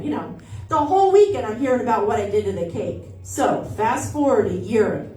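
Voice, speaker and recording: A woman's voice: fairly high pitch, expressive, normal speed, warm tone, roomy sound, distant mic, soft background music, poor audio. A woman doing a stand-up comedy set, telling a family story and acting out the voices of the people in it. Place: comedy club stage.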